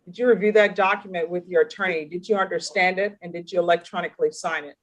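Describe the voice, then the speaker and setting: A woman's voice: fairly low pitch, fairly even intonation, fast, muffled recording. A woman judge conducting a formal court hearing over video, firm and corrective in manner.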